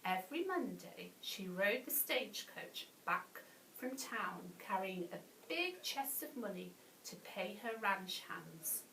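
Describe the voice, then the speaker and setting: A woman reading a bedtime story to children, animated, with gasps and playful asides. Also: mid-range voice, slow, far from the mic, a little hiss or hum. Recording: echoey room, voice off-mic.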